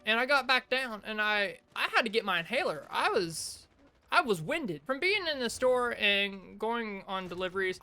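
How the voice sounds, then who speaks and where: A woman's voice: a little high, sharp tone. A woman casually telling rambling work stories while playing a video game, talking into a desk mic. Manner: rambling, chatty anecdotes with restarts. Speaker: gaming video creator. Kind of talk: casual storytelling over gameplay.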